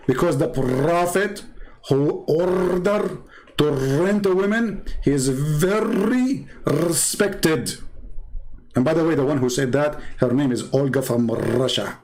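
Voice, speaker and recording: A man giving sarcastic commentary while reading from a website on screen, swinging between low mutters and high mocking exclamations. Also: lively intonation, takes it slowly, darkish tone, rough recording. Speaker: religious debater.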